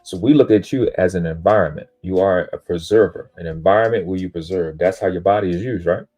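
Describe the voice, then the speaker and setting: A panel speaker on a live stream delivers self-aggrandizing spiritual teaching, forceful and preachy, dropping casual curses and boasting. His voice sits low with a dark tone and runs a little fast over soft background music.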